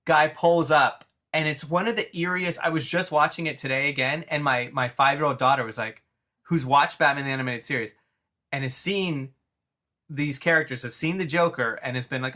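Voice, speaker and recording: A man in his thirties hosts a casual chat and retells a cartoon episode with animated, rambling excitement. His voice is bright and forceful. It sits a little high for a man. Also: moderate pace.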